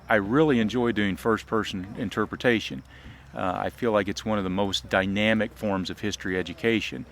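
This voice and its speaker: A man's voice: on the low side, slight background noise. A man from Southern Illinois, a reenactor, talking casually in an interview outdoors with frequent ums. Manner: relaxed, frequent um and uh, restarts. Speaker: reenactor and biology teacher.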